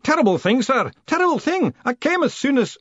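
A man doing a squeaky, flustered old postman. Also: very animated, fairly quick, a bit bright, no room sound, highs cut off, exaggerated voice. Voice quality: high, breathless squeaky pitch. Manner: yelping, urgent, fussing. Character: flustered elderly male postman, excitable.

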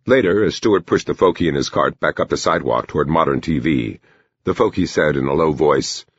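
A man narrating a novel in a measured storytelling manner. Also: a bass voice, slightly rough, no echo. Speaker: audiobook narrator. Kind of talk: scripted narration. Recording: dull lo-fi recording.

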